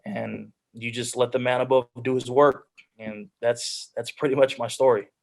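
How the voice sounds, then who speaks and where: Gravelly and mid-range, his voice stays level at a normal pace. The speaker, a pro football player in his twenties, is a guest on a video call, earnestly narrating his life and regularly quoting what he thought to himself.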